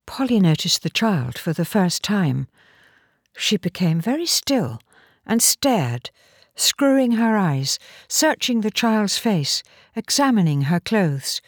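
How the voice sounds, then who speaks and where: Casting: woman storybook narrator, very lively pitch, dry close sound. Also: slow, no room sound. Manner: expressive, animated narration. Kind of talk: storybook reading.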